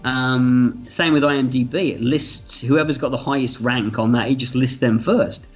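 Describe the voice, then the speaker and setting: Animated man, dull lo-fi sound. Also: medium pitch, normal speed, husky. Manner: animated, acts out quoted voices. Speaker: film director interviewed as guest. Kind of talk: casual interview storytelling. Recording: dull lo-fi sound with faint music.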